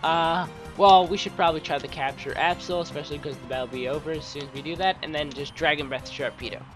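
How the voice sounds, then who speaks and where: A man's voice: a little high, fast, music in the background. A man with a sore throat giving chatty, rambling let's play commentary, restarting sentences and poking fun at himself.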